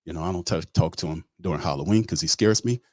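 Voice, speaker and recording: A man's voice: low-pitched, quick pace, a little mellow, natural voice. A man doing a rambling, aimless football coach. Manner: meandering, trailing off into fillers.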